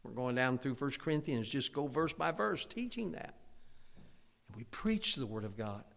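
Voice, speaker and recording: A man preaching a fiery sermon as pastor, loud and emphatic, with stammered restarts. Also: medium pitch, lively intonation, moderate pace, gravelly. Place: church sanctuary. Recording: long church reverb.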